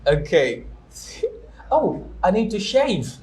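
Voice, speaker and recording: A man's voice: high voice, big pitch swings, slow, a little mellow. A young man hosting a live-streamed interview, chatty and playful, who stops to explain pronunciation with examples. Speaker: English teacher and show host. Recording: echoey room, faint noise.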